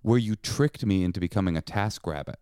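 A man's voice: deep voice, a little fast, mellow, clear, resonant tone, no room sound, studio quality. A man co-hosting a podcast, bickering with his wife in a sarcastic, mock-indignant comedic chat. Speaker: podcast co-host.

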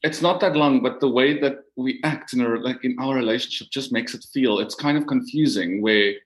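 A man's voice: mid-range voice, brisk, poor audio. A man from South Africa calling an advice podcast, speaking hesitantly and searching for words. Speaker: caller. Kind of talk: casual conversation.

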